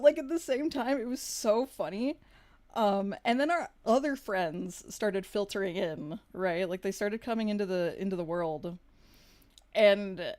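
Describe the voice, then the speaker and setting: A woman's voice: mid-range voice, a little mellow. A young woman vlogger casually telling a story, rambling with lots of "like", swearing freely and laughing along. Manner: chatty, laughs through the story.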